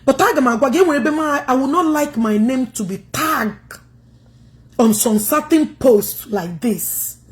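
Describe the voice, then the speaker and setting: High-voiced combative Nigerian woman. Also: expressive, slow. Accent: Nigerian, Igbo. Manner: combative, scolding. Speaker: livestreamer. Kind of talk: livestream rant to viewers.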